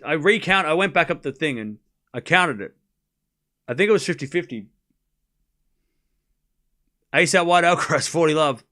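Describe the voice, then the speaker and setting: A young Australian streamer hosts a live watchalong, calling points and reading chat between rallies while chatting and laughing often. His voice is a little high, bright and forceful, animated in delivery, at normal speed with frequent pauses.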